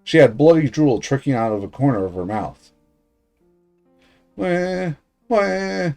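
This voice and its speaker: A man's voice: mid-range voice, brisk, soft background music. A man streaming, reading a visual novel aloud and dropping casual comments between passages. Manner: lively reading with casual asides.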